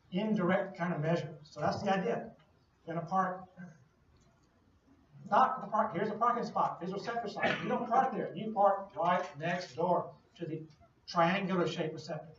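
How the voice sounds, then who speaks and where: In a distant, echoey lo-fi recording from a lecture hall, a man with a high-pitched, fairly bright voice teaches a class. He explains things through playful everyday analogies and asks the class questions.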